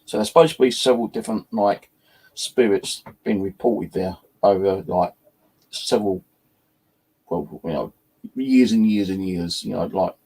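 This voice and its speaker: Gravelly, husky man telling ghost stories. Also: sits low, mellow. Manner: rambling, swears freely, many fillers. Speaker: channel host. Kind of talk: casual storytelling chat.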